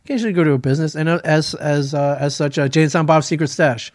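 A man's voice: on the high side, steady tone, dry recording, studio quality. Talkative man reading a review aloud. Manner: storytelling, reads aloud with halting restarts. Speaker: podcast co-host. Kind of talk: casual chat.

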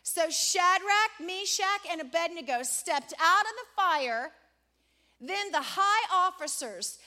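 High-voiced woman preaching with dramatic emphasis. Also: sharp tone. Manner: dramatic, drawn-out emphasis, quizzing the congregation. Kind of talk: sermon with call-and-response questions. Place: church before a congregation.

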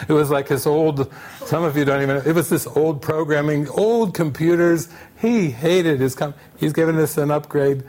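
A man telling a funny travel anecdote to an online retreat group, animated and often laughing as he goes. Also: on the high side, normal speed. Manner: animated, repetitive storytelling, breaking into laughter. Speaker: retreat speaker.

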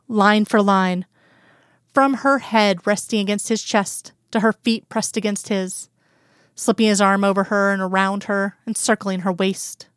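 A woman narrating a romance story aloud in a calm, even storytelling manner. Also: medium pitch, clean tone, no room sound, studio quality. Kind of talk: reading romantic fan fiction aloud.

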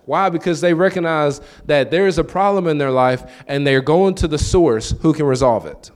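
A man's voice: on the high side, moderate pace, hardly any pauses, clean tone. Man preaching a conversational sermon. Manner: conversational, repeats words and acts out quoted voices; asks the listeners questions.

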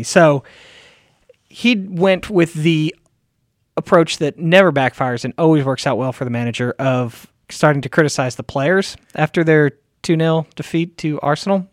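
A man's voice: mid-range voice, moderate pace, no room sound. A tired man co-hosting a casual sports podcast, chatty and rambling, talking into a close mic. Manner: rambling, chatty, trails off and restarts. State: tired, yawning. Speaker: podcast co-host. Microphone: close studio mic.

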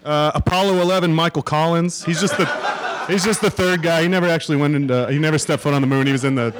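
A man guesting on a live comedy podcast, reading joke wrestler names in a deadpan way. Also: on the high side, quick pace, a crowd in the background, low-quality recording. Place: live show in front of an audience.

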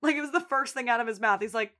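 A woman's voice: on the high side, racing, pushed and bright. A woman co-hosting a podcast, casually recapping a TV episode and acting out the characters' lines, with plenty of swearing. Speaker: podcast co-host.

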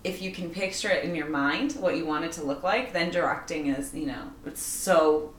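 A woman's voice: deep voice, moderate pace. A woman interviewer asking friendly follow-up questions in a casual chat. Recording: roomy echo with faint room noise.

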